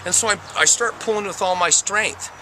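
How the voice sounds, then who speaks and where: A man giving a personal testimony about a near-death experience, telling it in an animated way and acting out the moments. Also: high voice, fairly quick, background noise.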